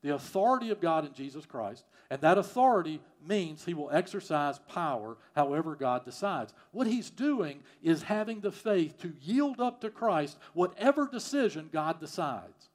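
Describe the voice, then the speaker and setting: A man preaching a sermon, repeating phrases and swinging from loud emphasis to quiet, prayerful lines. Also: a little high, big pitch swings, moderate pace, few pauses. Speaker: pastor.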